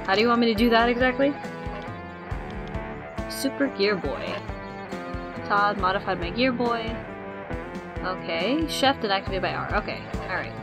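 A woman commentating as she plays a video game, excitable and quick to swear when surprised. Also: medium pitch. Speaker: gamer. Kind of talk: let's play commentary. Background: game music.

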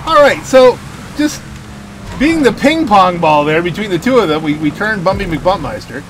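Excitable chatty man on a noisy gaming mic. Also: high-pitched, normal speed. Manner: chatty, jokey, talks to himself while racing. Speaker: gaming channel host. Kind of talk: casual let's-play commentary. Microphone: home gaming microphone with audible clicks. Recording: noisy, with car and game sounds behind.

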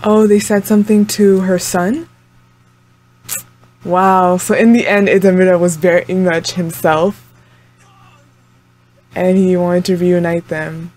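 A woman's voice: lowish voice, level tone, takes it slowly, pauses often, darkish tone. A young woman hosting a reaction video, chatting casually to the screen with frequent exclamations and laughs. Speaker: anime reaction channel host.

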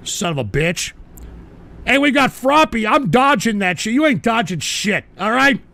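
Brief: older male host, high gravelly voice, dry close sound, profane ranting at viewers. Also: sing-song, normal speed. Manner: profane, shouting tirades at chat. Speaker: live show host. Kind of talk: ranting live-stream talk.

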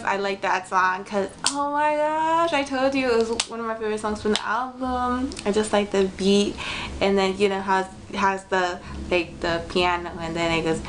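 A woman's voice: mid-range voice, noisy background. A young woman reacting to a music video in a casual vlog, chatty and rambling, gushing and giggling like a fan.

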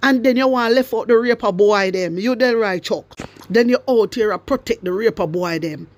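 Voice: medium pitch, normal speed. A social media commentator with a Jamaican accent, delivering an impassioned political rant to followers and hammering home repeated rhetorical questions. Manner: emphatic, repeats rhetorical questions, swings between loud and hushed.

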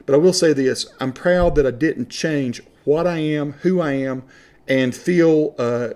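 A man's voice: fairly high pitch, unhurried, darkish tone. A man from western North Carolina with an Appalachian accent, talking to camera in a passionate, rambling, folksy monologue. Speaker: vlogger.

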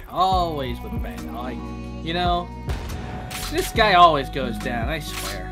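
A man chatting while playing a video game with a friend, loud and ranting, swearing and mock whining. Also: mid-range voice, sing-song, takes it slowly, over loud music. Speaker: host of gaming channel. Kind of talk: casual gameplay chat.

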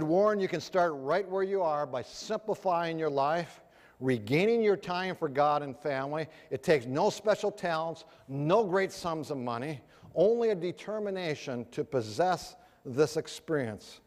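A middle-aged man preaching to a gathered audience, his voice sitting a little high for a man. He tells his story with animation and acts out each person in it. The sound rings with the long reverb of a large hall. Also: expressive, measured pace, a little mellow. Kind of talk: storytelling sermon.

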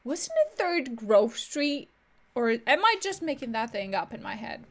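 A woman's voice: on the high side, very animated, unhurried. A woman gaming streamer giving casual gameplay commentary, chatty and self-mocking, always saying "literally". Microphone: desk microphone.

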